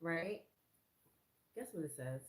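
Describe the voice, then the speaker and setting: A woman sharing a faith testimony from her room in casual, excited storytelling. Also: slow, reverberant. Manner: excited storyteller who acts out quoted lines in a much higher voice. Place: her own room, indoors.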